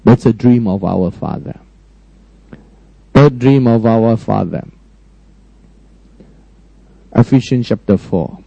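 A man preaching a sermon emphatically, often questioning his listeners and swinging between high, raised lines and low, quiet ones. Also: takes it slowly, creaky, pauses often, dry recording, rough recording. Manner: frequent direct questions to the congregation.

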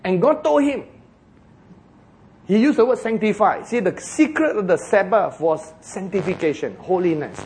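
Lively Singaporean English preacher. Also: male voice, high voice, slight background noise. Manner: animated, joking, slows for emphasis. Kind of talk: sermon.

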